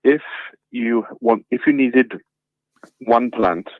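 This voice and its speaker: A man calling in by phone, telling a story in a relaxed way with many fillers, over a tinny phone line. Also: mid-range voice, takes it slowly, no room sound. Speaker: caller. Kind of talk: casual phone chat.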